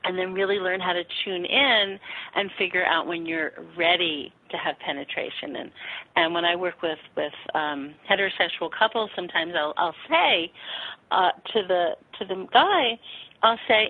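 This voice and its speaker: A woman sexuality teacher answering interview questions frankly and warmly, acting out little quotes as she explains. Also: on the low side, moderate pace, dry recording. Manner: frank, animated, acts out quotes with laughs. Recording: tinny phone-line sound.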